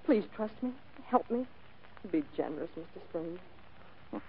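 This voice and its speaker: A woman's voice: lowish voice, quick pace, a little hiss or hum, natural voice. An actress playing a scheming young woman who pleads dramatically for help in a vintage radio drama. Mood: pleading. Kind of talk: 1940s radio acting. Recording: tinny old radio broadcast recording.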